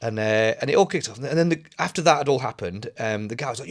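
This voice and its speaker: A man's voice: medium pitch, expressive, fast talker, dry recording, studio quality. Man in his forties, casual swearing. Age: 40s. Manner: swears freely, acts out quoted voices. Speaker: podcast co-host. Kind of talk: casual chat.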